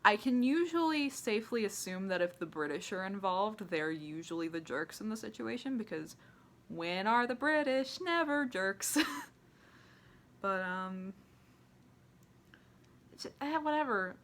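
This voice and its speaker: Here, a young American movie reviewer offers a sarcastic, laid-back ranking of films, frequently laughing and saying "like" a lot. Her medium-pitched voice is fairly bright, with lively intonation and a measured pace.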